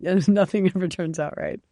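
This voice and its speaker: A woman chef from New York, a guest on an interview show, telling lively stories with frequent laughs and fillers. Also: fairly low pitch, normal speed, dry recording, clean studio sound. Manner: animated storyteller, laughs often, many fillers. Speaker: chef and cookbook author, guest. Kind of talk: casual interview chat.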